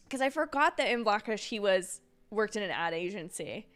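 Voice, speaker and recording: A young woman hosting a casual watch-along livestream, chatty and rambling, with quick apologetic asides and a sleepy edge. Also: mid-range voice, lively intonation, fairly bright tone, faint music behind. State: sleepy, yawning. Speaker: livestream host.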